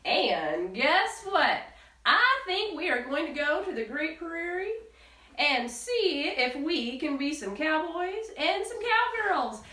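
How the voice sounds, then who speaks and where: High-voiced, lively woman music teacher. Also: takes it slowly, far from the mic. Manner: enthusiastic, sing-song, talks to young children. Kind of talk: live online music lesson for children. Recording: roomy echo with faint guitar.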